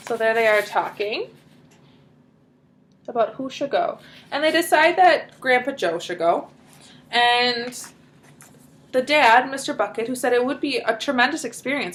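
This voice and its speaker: A woman teacher talks casually to her class after a read-aloud. Her voice sits a little high, and her tone stays relaxed and chatty. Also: unhurried, long pauses. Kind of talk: read-aloud lesson with recap.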